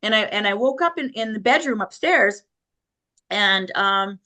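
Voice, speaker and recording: A woman's voice: mid-range voice, expressive, measured pace, bright, forceful tone. A middle-aged woman, an interview guest, telling her life story with emotion and nervous laughter. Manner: emotional, vivid retelling with quoted voices and nervous laughs.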